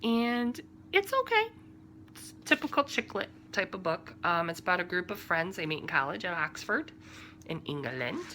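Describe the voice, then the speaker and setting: A woman hosting her own podcast, chatting casually and rambling about books, TV shows and crafting, with lots of fillers and soft asides. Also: on the low side, sing-song, moderate pace, a little hiss or hum. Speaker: podcast host.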